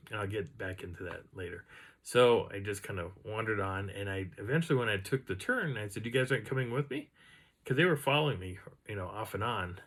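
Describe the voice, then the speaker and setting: A man casually recounting an outdoor encounter in a rambling, animated way, now and then imitating the sounds he heard. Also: on the low side, slightly rough. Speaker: outdoor storyteller. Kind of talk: casual first-person storytelling.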